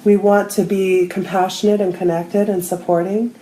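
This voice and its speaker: A woman, a spiritual healer, telling a personal story in a casual group talk and acting out the quotes with lively shifts in voice. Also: mid-range voice, moderate pace, echoey room, a little hiss or hum, rough recording.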